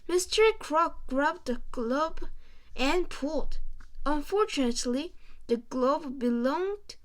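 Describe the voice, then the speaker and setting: A woman reading a children's storybook aloud, slowly and carefully, with small stumbles. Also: high voice. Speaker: reader.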